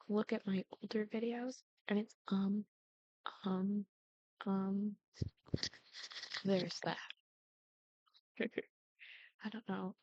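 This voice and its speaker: A woman's voice: mid-range voice, dry recording. A young woman YouTuber chatting casually over gameplay, rambling with frequent ums. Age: young adult. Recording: dull lo-fi dry sound.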